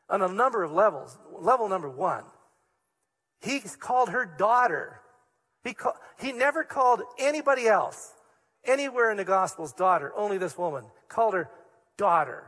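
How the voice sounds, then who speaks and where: A man's voice: sits high, a bit bright, in a large hall. A man preaching a sermon as a pastor, earnest and emphatic, repeating key words for weight. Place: church hall.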